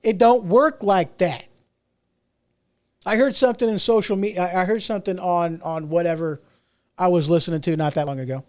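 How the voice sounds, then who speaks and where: A middle-aged man with a notably high-pitched voice hosts his own podcast, talking alone in a loose, rambling rant. He repeats words and restarts his sentences, and he often pokes fun at himself. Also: moderate pace, a little mellow. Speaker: podcast host. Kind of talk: casual solo rant.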